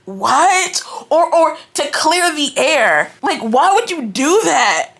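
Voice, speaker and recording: A young woman giving a casual, animated book reaction, ranting in exasperation and filling her talk with "like" and "right?". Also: sits high, takes it slowly. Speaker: book reviewer. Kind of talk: casual reading-reaction rant.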